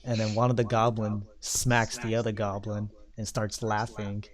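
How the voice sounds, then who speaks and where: A man running a tabletop role-playing game as game master, narrating the scene in a loose, halting way full of fillers. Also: fairly low pitch, little pitch movement.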